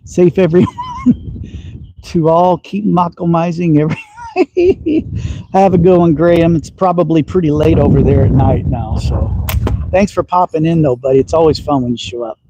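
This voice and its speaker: A man's voice: on the high side, brisk, warm tone, lo-fi sound, a little hiss or hum. A man from Texas with a slight Southern accent, hosting a casual livestream and chatting while he shoots outdoors. He talks in a folksy, teasing way and chuckles often. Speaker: slingshot livestream host. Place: outdoor backyard shooting range.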